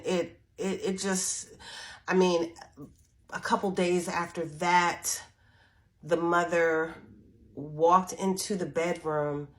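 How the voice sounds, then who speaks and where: A middle-aged woman with a fairly low voice tells a personal story in a loose, chatty way. She doubles back often and restarts her sentences. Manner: chatty, repetitive restarts, acts out quoted voices softly. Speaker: spiritual storyteller and channel host. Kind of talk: casual storytelling to camera.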